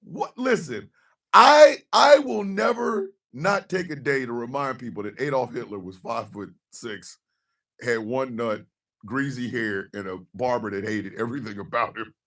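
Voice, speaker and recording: A man hosting a radio show, joking loudly with profane rants, mock outrage and sudden shouted lines. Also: medium pitch, normal speed, far from the mic. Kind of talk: loud comedic live-stream banter.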